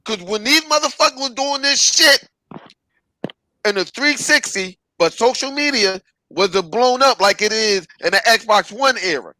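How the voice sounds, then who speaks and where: A man's voice: very high voice, expressive, unhurried, sharp tone, dry recording, poor audio. A man hosting a podcast, delivering a profane, preachy rant and repeating "stop it". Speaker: podcast host. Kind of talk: ranting podcast commentary.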